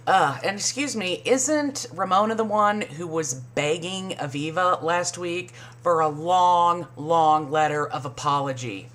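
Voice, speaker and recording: A woman's voice: measured pace, hardly any pauses, fairly bright tone. A woman recapping a reality show in casual, profane commentary, sarcastic and mocking. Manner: sarcastic, swears a lot, mimics people in high voices.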